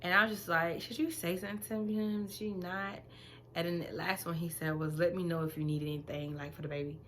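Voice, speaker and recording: A young woman, five months pregnant, telling a story in a blunt, profane, animated vlog rant that swings between loud outbursts and quiet asides. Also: fairly low pitch, fast, slight background noise. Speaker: vlogger.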